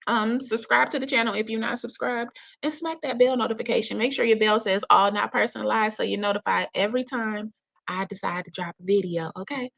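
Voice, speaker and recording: A woman's voice: fairly high pitch, steady tone, a little fast, vocal fry, fairly bright tone. A woman hosting a casual reaction commentary, chatty and slangy, often laughing and calling her viewers "y'all.". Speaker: reaction channel host. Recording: dull lo-fi audio.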